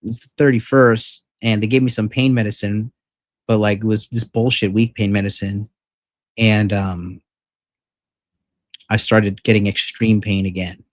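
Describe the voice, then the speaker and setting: Male vlogger, low register, rambling and profane, dry close sound. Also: level tone, unhurried, long pauses, dry recording. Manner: rambling, profane, filler-heavy retelling; frank and emphatic. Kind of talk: casual storytelling vlog.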